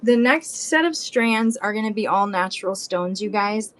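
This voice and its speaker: A woman with an expressive, mid-range voice talks at a moderate pace while selling bead strands live. Chatty and relaxed, she counts the beads out loud and hums while working, in a rough recording.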